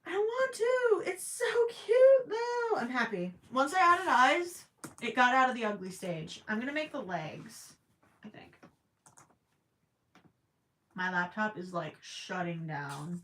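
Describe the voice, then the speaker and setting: Slow-talking young woman streamer chatting. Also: medium pitch, very animated, bright, forceful tone, a little hiss or hum. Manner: chatty, self-deprecating, reads viewer questions aloud. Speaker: livestream host. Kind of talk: casual livestream chat while crocheting.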